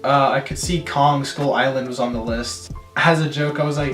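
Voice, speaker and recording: A chatty teenage guy tells his story in a casual vlog, his voice sitting a little high. He talks in an animated way and acts out bits in silly voices. The room is echoey, with faint music underneath. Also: a little fast. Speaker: storytelling vlogger.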